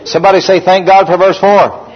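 A man preaching a lively sermon as pastor, calling out to his congregation. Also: high-pitched, fairly quick, some chatter behind. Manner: animated preaching, calls out to the congregation. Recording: dull lo-fi recording.

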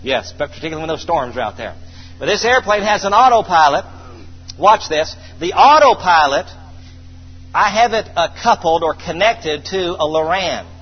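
A man preaching a sermon to a congregation, calling for responses and praising, slowing down to read scripture. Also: on the high side, animated, breathy edge. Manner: call-and-response, exclamations of praise. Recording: dull distant hall sound, faint noise.

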